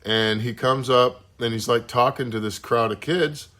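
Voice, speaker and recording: A man's voice: mid-range voice, normal speed, fairly bright tone. A young man co-hosting a podcast, telling rambling stories in casual chat and swearing freely. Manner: rambling storyteller, swears often. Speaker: podcast co-host.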